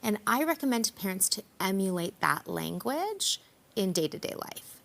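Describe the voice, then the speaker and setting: A woman's voice: medium pitch, sing-song, moderate pace, gravelly, a bit bright. A woman counsellor explaining her ideas in a friendly, conversational way during a morning news interview. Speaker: counsellor and author guest.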